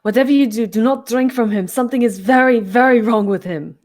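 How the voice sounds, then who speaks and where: Woman voicing a fierce vampire, loud and urgent, low-set voice. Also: fairly even intonation, takes it slowly, slightly rough, heavily acted. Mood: urgent shouting.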